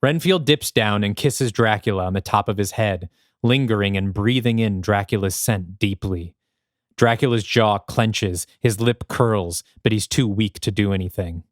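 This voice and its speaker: Low-voiced man reading a screenplay. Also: no echo, studio quality. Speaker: podcast co-host. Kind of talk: reading a screenplay pitch aloud.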